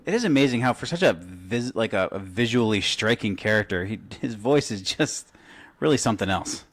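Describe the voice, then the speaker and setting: A man's voice: on the low side, lively intonation, brisk, a bit bright, no room sound. A man co-hosting a podcast in casual chat, needling his co-host with teasing banter.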